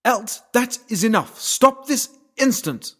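A man voicing an earnest teenage schoolgirl with a high, slightly shrill voice. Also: sing-song, moderate pace, vocal fry, mellow, full character voice.

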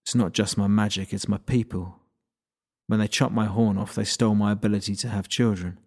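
A man's voice: steady tone, a little fast, a little mellow, slightly rough. A man voicing a bitter, grumpy old unicorn stallion. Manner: low, sullen and brooding. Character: grumpy aging male unicorn, bitter and proud.

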